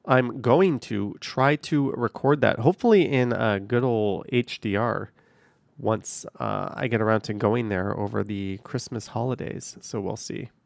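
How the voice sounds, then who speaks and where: A young man in a car chats casually with live-stream viewers, his voice gravelly with a bit of fry. The sound is close and dry. He reads out messages and answers in a relaxed, easygoing way. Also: on the low side, unhurried, dry recording. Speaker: live streamer reading chat. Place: car, driving around the city.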